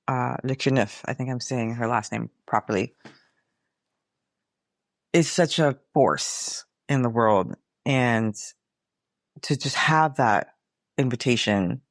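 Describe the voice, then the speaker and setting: A middle-aged woman with a rumbling low voice talks on her own podcast in clean studio sound with no room noise. It's a casual, reflective monologue: frank, sprinkled with swearing, and aimed at her y'all listeners.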